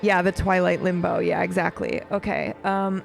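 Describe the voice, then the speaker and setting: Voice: medium pitch, unhurried, creaky. A streamer chatting casually through a game playthrough, reacting and swearing casually, talking to viewers. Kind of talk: casual let's play commentary. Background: faint game music.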